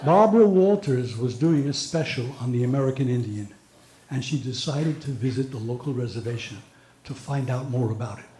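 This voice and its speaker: A middle-aged man doing stand-up comedy at a comedy venue, telling long joke stories in an animated way. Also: mid-range voice, moderate pace. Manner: animated storyteller. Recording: roomy echo.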